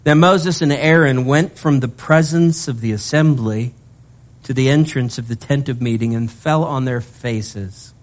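A male pastor delivering a sermon, animated and lively, who slips humorous asides in between scripture readings. His voice sits at an average pitch for a man. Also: unhurried.

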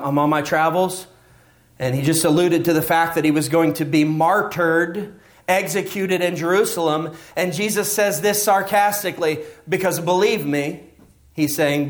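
A middle-aged man preaching a sermon in a lively, conversational way, swinging up and down in pitch for emphasis. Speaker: pastor.

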